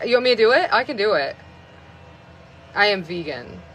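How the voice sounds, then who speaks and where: Bright chatty woman around 30 on a phone live stream, rambles on, like, a lot. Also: mid-range voice, very animated, moderate pace, slight background noise. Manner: rambling, chatty, many fillers of "like". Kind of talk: casual live stream chat.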